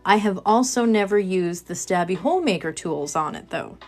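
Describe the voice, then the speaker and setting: A woman's voice: medium pitch, lively intonation, normal speed, darkish tone, faint music behind. A woman chatting casually with her livestream viewers while she works on a craft project, joking at her own expense. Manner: chatty, self-mocking, talks to chat viewers. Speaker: livestream host.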